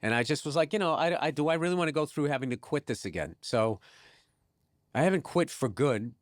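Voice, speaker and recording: Animated man telling a story dryly. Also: on the high side, fairly quick, no room sound, clean studio sound. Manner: animated storyteller, frequent restarts and laughs. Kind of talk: casual podcast chat.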